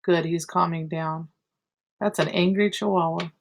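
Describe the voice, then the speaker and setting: A woman's voice: on the low side, fairly even intonation, normal speed, a little hiss or hum. A woman art teacher teaching an online class from home over a computer mic, explaining step by step with chatty asides. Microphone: computer mic on a video call.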